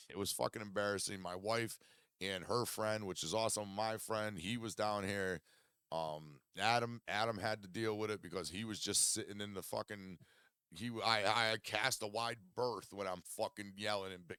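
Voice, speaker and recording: A man's voice: fairly low pitch, fairly bright tone, clean tone, dry recording, clean studio sound. A man hosting a podcast from his basement, telling a rambling, profanity-heavy story in casual chat. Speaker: podcast host. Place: home basement studio.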